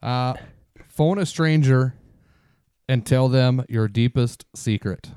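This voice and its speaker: A man co-hosting a casual podcast, laying out challenge ideas in a laid-back, matter-of-fact way. His voice is smooth and clear, recorded close and dry with no room sound. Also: medium pitch, slow, dark tone, no echo. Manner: laid-back, lists dares matter-of-factly. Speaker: podcast co-host. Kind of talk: casual chat.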